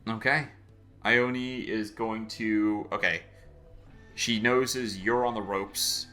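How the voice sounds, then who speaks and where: A man runs a tabletop game as game master, narrating in a casual, halting way full of ums and restarts. His voice sits a little low and sounds bright and forward. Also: fairly even intonation, soft background music.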